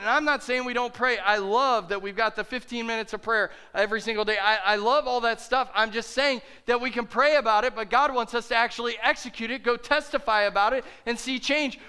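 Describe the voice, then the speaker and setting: Bright-voiced, passionate male pastor preaching. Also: very high-pitched, clean tone. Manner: passionate, preaching with rising intensity. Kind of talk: sermon.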